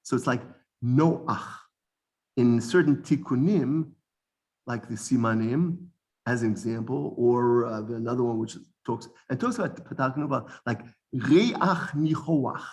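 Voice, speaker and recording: Gravelly man teaching a class. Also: medium pitch, normal speed, a little mellow. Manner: explains points and quizzes the class with questions; digressive, corrects his own wording. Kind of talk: classroom lesson.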